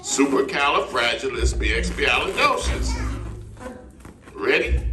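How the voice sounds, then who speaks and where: A man's voice: mid-range voice, a little slow, distant mic, music in the background. A man performing as a ventriloquist for children, coaxing his puppet in a playful way. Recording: echoey room with loud noise.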